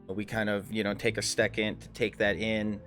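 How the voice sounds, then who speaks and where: A man's voice: fairly low pitch, completely flat delivery, moderate pace, fairly bright tone, soft background music. A man narrating a tabletop game as game master, rambling with many fillers and restarts.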